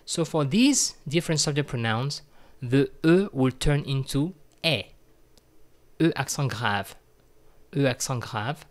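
A male teacher walks through French verb conjugation at an unhurried pace. He repeats each example twice for his learners. His voice sits in a plain middle register. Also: mid-range voice. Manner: slow, patient, repeats words for learners. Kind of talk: grammar lesson.

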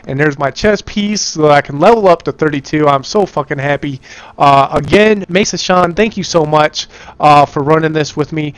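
A young man giving profane, excitable commentary over his own gameplay clip, swinging from calm explaining to yelling. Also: fairly high pitch, moderate pace, no room sound. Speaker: gamer doing video commentary.

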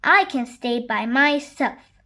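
A woman's voice: fairly high pitch, lively intonation, slow pace, pushed and bright, exaggerated voice. A woman reading a children's story and voicing a stubborn little boy donkey who pleads and wheedles. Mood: pleading.

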